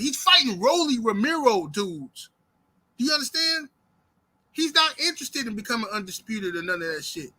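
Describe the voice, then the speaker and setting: A man's voice: high-pitched, sing-song, moderate pace, sharp tone. A man hosting boxing commentary, talking in a profane, fired-up rant full of rhetorical questions.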